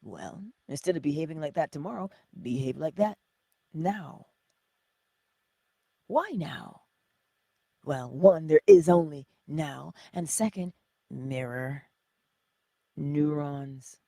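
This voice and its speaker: A woman's voice: low-pitched, very animated, slow pace, creaky, pauses often, mellow, dry recording. A woman giving an inspirational morning teaching in a preacherly, conversational way, full of rhetorical questions. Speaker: spiritual teacher.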